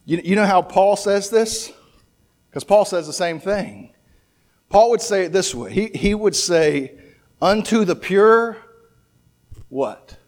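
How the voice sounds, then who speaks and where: A man with a high-pitched voice teaches from scripture in a loose, conversational sermon. He restarts his sentences often and throws out rhetorical questions as he works through each verse. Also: animated, unhurried, darkish tone. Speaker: preacher.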